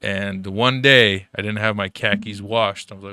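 Profane rambling young guy, bright clear voice. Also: fairly low pitch, fairly even intonation, normal speed, no echo, clean studio sound. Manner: profane, rambling storyteller with frequent fillers. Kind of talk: casual chat.

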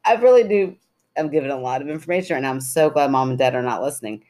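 A woman with a dark, bass voice talks fast as she co-hosts a podcast. In this casual chat she tells a story in a chatty way and laughs often.

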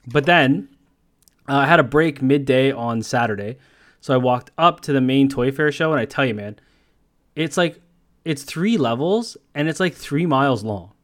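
A man's voice: mid-range voice, lively intonation, moderate pace. A man co-hosting a podcast, telling long rambling stories in casual chat and swearing freely. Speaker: podcast co-host.

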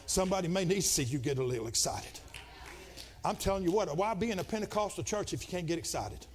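A middle-aged man preaches a Pentecostal sermon in a notably high voice. He talks to the congregation in a relaxed, confiding way, then builds into loud, shouted, rhythmic preaching. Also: quick pace. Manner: swings from quiet and conversational to loud, shouted preaching. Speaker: pastor.

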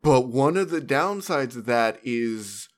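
A man co-hosting a podcast talks over a game's story in relaxed, casual conversation. He is thoughtful and unhurried, with a mid-range voice and frequent short agreements. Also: medium pitch. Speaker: podcast co-host. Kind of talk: casual chat about video games.

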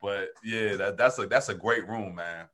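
A man's voice: lowish voice, normal speed. A male comedian telling stories in casual chat, laughing often and acting out the people he quotes. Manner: animated storytelling, acts out quotes, laughs often. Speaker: comedian, podcast co-host.

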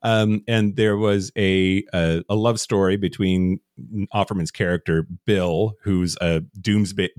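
A man's voice: sits low, a little mellow, no room sound, clean studio sound. A man co-hosting a casual podcast, chatty, laughing often and talking with fillers and restarts. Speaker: podcast co-host.

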